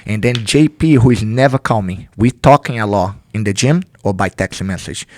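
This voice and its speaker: A middle-aged jiu-jitsu instructor with a Brazilian accent, a native Portuguese speaker, tells a candid personal story as a guest in a podcast conversation. His low-ish voice moves fairly quickly with no room sound, and he sounds earnest and emphatic, repeating himself for emphasis and using non-native grammar.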